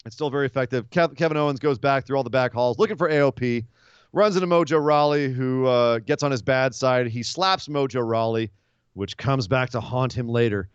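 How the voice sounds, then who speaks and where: Chatty male podcast host, smooth voice. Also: mid-range voice, no echo, muffled recording. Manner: chatty, recaps with quick asides. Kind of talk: casual wrestling podcast chat.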